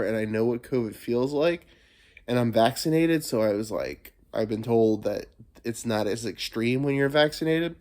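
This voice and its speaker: Male podcast host, lively swoops in pitch, profane rambling, slight cold. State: getting over a cold, coughing. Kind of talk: casual solo podcast monologue.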